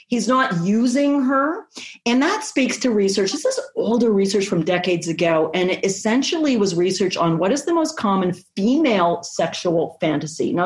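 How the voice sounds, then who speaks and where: A frank, expressive woman speaking as a sex therapist guest, emphatic and unguarded in her phrasing. Her voice sits at a middle pitch and carries a noticeable room echo. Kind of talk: candid conversational interview talk.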